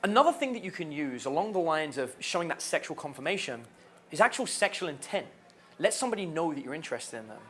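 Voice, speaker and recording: A young man coaching on dating, talking in an animated way and acting out the lines he suggests. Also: on the high side, fast, husky. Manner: animated, acts out quoted lines. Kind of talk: dating advice talk.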